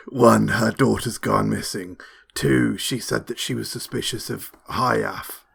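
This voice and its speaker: A man's voice: fairly low pitch, steady tone, takes it slowly, gravelly, fairly bright tone, husky. A man playing a tabletop role-playing game, speaking in character in a rambling, jokey way. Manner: rambling, jokey, stumbles into laughter. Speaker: player.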